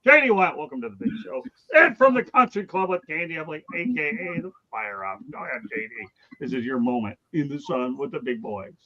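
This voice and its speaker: A man hosting a sports talk show, loud and high-energy, shouting with excitement. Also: brisk. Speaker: show host. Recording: dull lo-fi sound.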